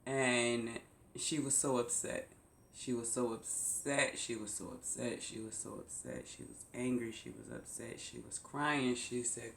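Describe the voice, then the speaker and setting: A woman vlogger telling a personal story to her viewers, slow and emphatic, repeating phrases for weight. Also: very deep voice, steady tone, gravelly, echoey room, a little hiss or hum. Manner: slow, repetitive, emphatic retelling. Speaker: YouTube vlogger.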